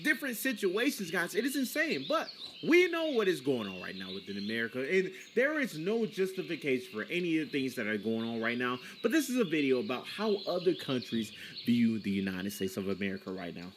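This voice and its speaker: A man's voice: medium pitch, big pitch swings, a little fast, fairly bright tone, a little hiss or hum. A man hosting a commentary video, speaking emphatically and calling his viewers guys. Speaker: channel host.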